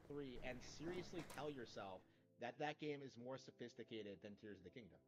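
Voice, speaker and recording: A man's voice: mid-range voice, animated, fairly quick, noisy background. A man giving opinionated commentary, arguing his case and checking in with tag questions. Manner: argumentative, leans on tag questions. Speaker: video commentator. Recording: dull lo-fi clip with music.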